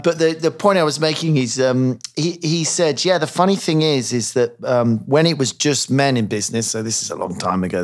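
Man, podcast host, mid-pitched, rambling anecdotes, laughs often. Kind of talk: casual podcast conversation.

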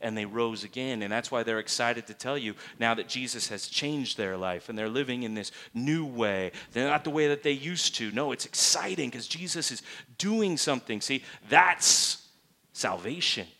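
A man's voice: medium pitch, normal speed, bright, forceful tone. A man preaching a sermon in a church as its pastor, emphatic and full of rhetorical questions.

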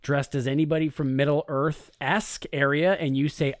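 A man co-hosting a casual movie commentary podcast, making crude jokes and quick reactions. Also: a little high, flat delivery, dry recording, studio quality. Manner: crude joking, short reactions. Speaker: podcast co-host.

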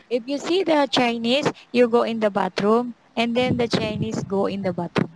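Woman telling her story in halting English. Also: fairly high pitch, background noise. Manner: halting second-language English with simple phrasing. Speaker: factory worker interviewee. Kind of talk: interview testimony.

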